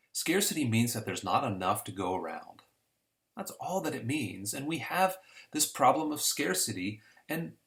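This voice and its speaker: A man with a mid-range, fairly bright voice gives an introductory economics lesson. This casual recording has him teaching in a chatty, storytelling manner with homespun examples.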